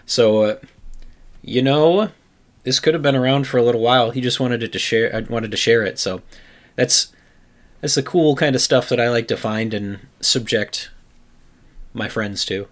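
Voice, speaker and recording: A man's voice: mid-range voice, moderate pace, long pauses. A man hosting a casual podcast, joking and rambling as he reads out gaming news. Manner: joking, rambling, with frequent restarts and bursts of laughter. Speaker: podcast host reading the news segment. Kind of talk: casual chat.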